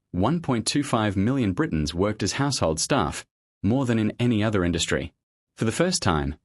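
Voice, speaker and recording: A man with a low voice narrates a documentary script at a measured, steady pace. His intonation rises and falls a lot as he tells the story. The sound is dry and close, with no room around it. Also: no echo.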